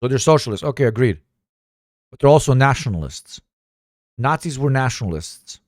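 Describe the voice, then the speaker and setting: A man's voice: medium pitch, moderate pace, no room sound, studio quality. A man streaming reaction commentary, swearing freely, laughing often, and pressing his points with energy. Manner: profane, animated, laughs a lot.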